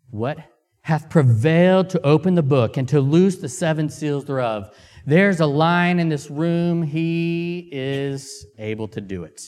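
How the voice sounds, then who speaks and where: A man preaching a sermon, reading scripture aloud and pausing to ask the congregation questions, with Amharic as his first language. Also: mid-range voice, darkish tone. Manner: slow, deliberate pacing with emphatic pauses. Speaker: missionary preacher.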